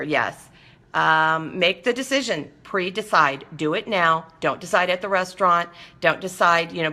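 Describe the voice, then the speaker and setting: A woman's voice: fairly low pitch, pushed and bright. A middle-aged woman hosting a live show, chatting casually with viewers and coaching them in a direct, firm way.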